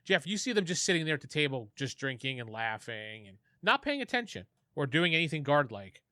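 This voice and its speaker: Bright-voiced game master narrating. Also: male voice, fairly high pitch, very animated, a little fast, dry recording, studio quality.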